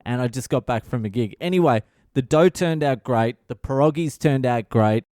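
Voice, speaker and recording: A man's voice: mid-range voice, normal speed, dark tone, no room sound, studio quality. Tired, profane man telling a story. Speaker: podcast host, comedian. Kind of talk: casual solo monologue.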